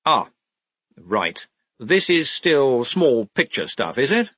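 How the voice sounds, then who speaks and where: A man's voice: medium pitch, sing-song, slow pace, fairly bright tone, husky, dry recording, pitched above the performer's own voice, exaggerated voice. A man reading an audiobook, voicing a flustered male officer disguised as a woman, who talks in a quavering, fussy way. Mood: officious.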